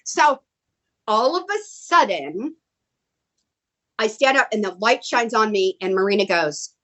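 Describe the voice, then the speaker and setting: Lively woman telling a story. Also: a little slow, rough recording. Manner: animated, acts out quotes in a high voice. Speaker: guest actress. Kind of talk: casual storytelling.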